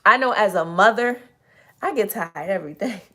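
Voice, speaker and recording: A woman hosting a casual motivational livestream, chatty and earnest, slightly hoarse, greeting viewers by name as she talks. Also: medium pitch, animated, moderate pace, sharp tone. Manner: earnest, encouraging, addresses audience as y'all. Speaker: livestream host.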